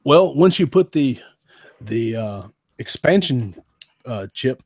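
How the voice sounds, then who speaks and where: Slow and slightly rough, this mid-range male voice comes through a clean studio recording with no echo. He's a podcast co-host who was a teenager in the late 1990s, talking casually and enthusiastically about old game consoles, animated and prone to "man" and "dude."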